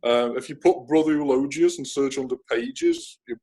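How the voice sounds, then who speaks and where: A man from Germany, a spiritual author, talking in a relaxed interview with frequent restarts and hesitant fillers. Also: mid-range voice, moderate pace. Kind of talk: casual interview conversation.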